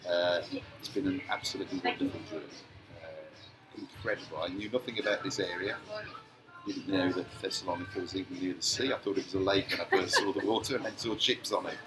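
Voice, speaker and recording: A man's voice: low voice, steady tone, a little fast, over music, rough recording. A man from Scotland, a podcast guest talking casually and earnestly in a cafe, with many hesitant fillers. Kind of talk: casual interview.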